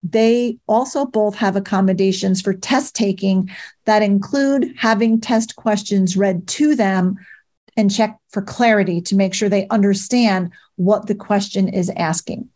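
A middle-aged woman talks plainly and practically, giving advice as a mother of eight. Her voice sits at an everyday middle pitch for a woman. She speaks directly, with casual fillers. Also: measured pace, darkish tone. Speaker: parent advocate. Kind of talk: advice talk.

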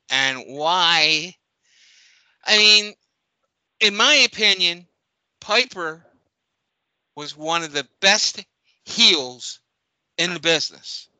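A male co-host asking a guest a question in a slow, deliberate way. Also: high voice, expressive, sharp tone, no room sound, rough recording. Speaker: radio co-host. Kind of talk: interview questions.

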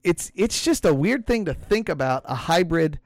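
A man hosting a casual religious podcast discussion, speaking in a measured way with frequent restarts and reading scripture aloud. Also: a little high, expressive, dry recording. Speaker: podcast host.

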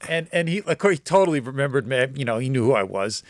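A man casually telling a long story on a podcast, acting out the other people's lines and getting excited at the twist. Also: medium pitch, fast talker, no room sound, clean studio sound. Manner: animated, quotes others in dialogue, gets excited.

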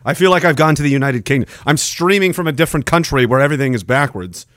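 A man's voice: on the high side, lively intonation, quick pace, fairly bright tone, no room sound, studio quality. Rambling man on a livestream. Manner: rambling, joking, reads chat aloud. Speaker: livestream host. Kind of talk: casual livestream chat. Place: home studio. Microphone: boom-arm studio mic.

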